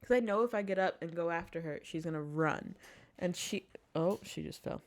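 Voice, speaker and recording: A woman's voice: on the low side, normal speed. A woman hosting her vlog from her desk at home, chatting in a rambling, casual way, swearing and laughing often. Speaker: vlog host.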